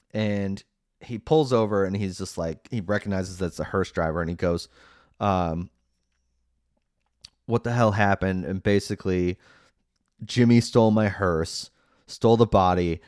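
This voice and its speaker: A podcast host with a low, darkish voice recaps a movie plot in a casual, rambling way, with fillers piling up between points. The recording is dry and close, and he picks the story apart with a wry, sarcastic edge.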